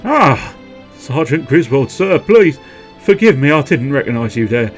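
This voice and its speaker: A man's voice: medium pitch, big pitch swings, a little slow, faint music behind, pitched above the performer's own voice. A man voicing a cheerful young undead soldier, eager and full of bony puns. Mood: chirpy.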